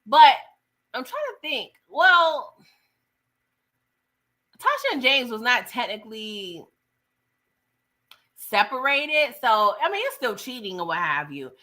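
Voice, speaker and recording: A woman's voice: a little high, big pitch swings, slow, long pauses, bright, forceful tone. A woman hosting a casual TV recap, retelling scenes in a chatty, slangy way. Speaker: TV recap host.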